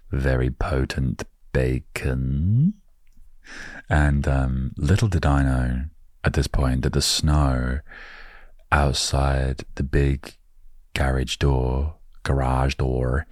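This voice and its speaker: Very deep, husky English man. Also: darkish tone, dry recording, studio quality. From England. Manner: playful, rambling, jokey asides. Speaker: podcast host. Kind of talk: relaxed storytelling podcast.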